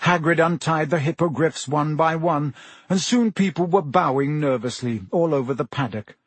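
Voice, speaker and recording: A man narrates an audiobook with an expressive storytelling delivery. His voice sits a little high and has a husky grain. The recording is dry and close. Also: normal speed, no room sound. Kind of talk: audiobook reading.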